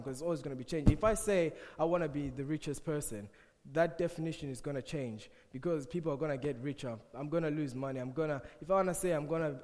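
A man's voice: fairly high pitch, darkish tone. Young man giving a joking church talk. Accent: African. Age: young adult. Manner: playful, teasing asides to the crowd. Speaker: youth speaker. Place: church hall. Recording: long hall reverb.

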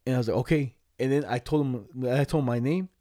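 Fast-talking young man spinning a slangy story. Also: mid-range voice, mellow, no echo, clean studio sound. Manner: rambling slangy storytelling, swearing freely. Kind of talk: casual chat.

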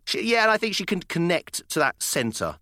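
A British man co-hosting a dads' podcast, telling a story in a casual, expressive way. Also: a little high, moderate pace, no echo, studio quality. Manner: animated, expressive. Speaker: podcast co-host.

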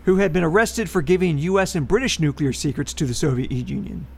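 A man's voice: on the high side, animated, brisk, gravelly, husky. A man co-hosting a podcast, reading out a history segment in casual chat and adding wry political asides. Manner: reads historical facts, then adds wry political asides.

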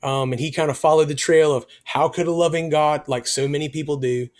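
A man's voice: fairly high pitch, steady tone, fairly quick, darkish tone. Earnest man telling a faith story. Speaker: touring worship musician. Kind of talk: personal storytelling in an interview.

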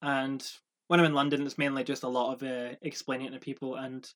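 A man's voice: mid-range voice, level tone, fast, a bit bright. Glaswegian man in casual chat. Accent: Glaswegian Scottish. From Scotland. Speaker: podcast co-host.

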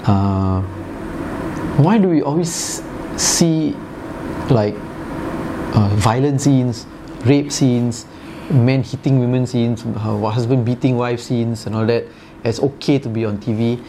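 A man's voice: medium pitch, slow pace, pauses often, background noise. A man in his forties from Malaysia with a Malaysian English accent, chatting casually, rambling with fillers and frequent laughs. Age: 40s. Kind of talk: casual chat.

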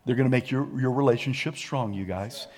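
A man preaching a sermon, leading the congregation in call-and-response and swinging from hushed to shouted lines. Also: mid-range voice, brisk. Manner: sings and hums snatches of a song. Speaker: pastor.

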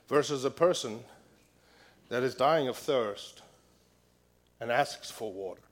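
A man's voice: mid-range voice, unhurried, pauses often. Emphatic male pastor preaching. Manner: emphatic preaching, repeating key phrases, grows loud reading scripture. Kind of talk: sermon. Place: church.

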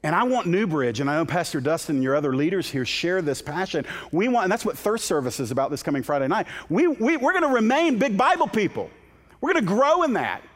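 A man's voice: high-pitched, very animated, fast. A man preaching a sermon as a guest preacher in a church sanctuary, impassioned and emphatic, often restarting his words. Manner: impassioned, building to emphatic peaks, with repeated restarts. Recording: long hall reverb in a sanctuary.

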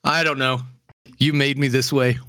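A man co-hosting a casual podcast chat, telling jokes with dark deadpan humor and laughing often. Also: mid-range voice, moderate pace, no echo. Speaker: podcast co-host.

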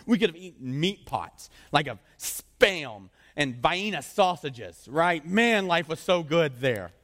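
A man putting on the voice of the whiny, self-pitying Israelites, complaining in a drawn-out whine during a sermon. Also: fairly high pitch, big pitch swings, fairly bright tone, in a large hall, full character voice. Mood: whining.

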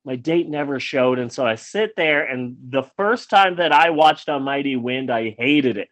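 A man's voice: medium pitch, normal speed, no room sound. A man casually telling a long personal anecdote as a podcast host, rambling with restarts and acting out what people said. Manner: animated, acts out quoted lines.

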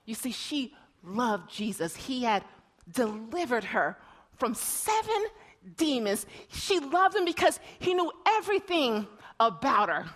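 A woman preacher giving an emotional sermon, telling stories and often repeating words as she swings between hushed and loud. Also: on the high side, big pitch swings, a little slow.

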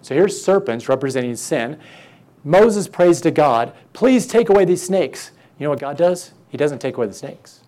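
A man's voice: a little high, animated, normal speed, a little mellow. A man preaching a sermon in a conversational way, asking the congregation questions and acting out the lines he quotes.

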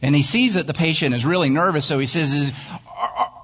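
Pastor guy preaching, lively storyteller, kinda high voice, big church echo. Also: fast talker, breathy edge. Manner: animated storytelling, chuckling at his own jokes. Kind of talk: sermon. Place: church sanctuary. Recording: long church-hall reverb.

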